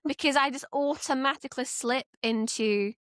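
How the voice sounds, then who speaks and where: A woman with a Northern English accent co-hosting a podcast, chatting casually and thinking aloud with quick restarts. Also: high voice, fairly bright tone, no echo, studio quality. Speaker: podcast co-host. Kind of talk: casual chat.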